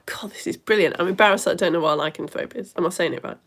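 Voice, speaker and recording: A woman's voice: lowish voice, very fast, few pauses, a bit bright. A woman teaching a live online lesson, reading viewers' comments aloud in a bubbly, exclamatory way with delighted gasps.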